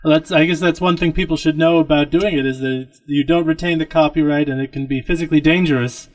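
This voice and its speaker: A man with a somewhat high voice hosts a radio interview. He asks his questions hesitantly, pausing and restarting as he goes. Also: steady tone.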